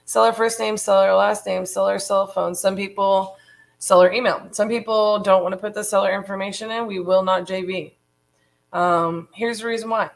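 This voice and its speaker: A woman who co-founded a real estate business talks casually and frankly on a live stream, chatty and full of fillers like "um" and "you know." Her voice is mid-range and creaky, and the recording is rough.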